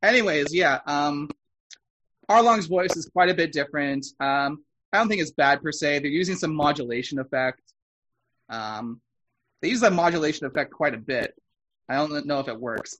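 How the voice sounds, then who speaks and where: Chatty man with a higher voice. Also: normal speed, fairly bright tone, low-quality recording. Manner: rambling, frequent fillers and restarts. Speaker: podcast co-host. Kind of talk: casual chat reviewing an anime dub.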